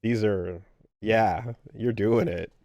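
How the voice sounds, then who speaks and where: A man's voice: on the low side, slow, a little mellow, no echo. A man co-hosting a podcast, chatting casually and giving dry, wry reactions. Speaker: podcast co-host. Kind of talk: casual chat.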